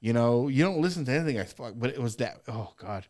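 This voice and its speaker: A man's voice: mid-range voice, fast. A man co-hosting a podcast, telling a story in casual chat and acting out quotes with lots of swearing. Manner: animated, acts out quotes with swearing. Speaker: podcast co-host.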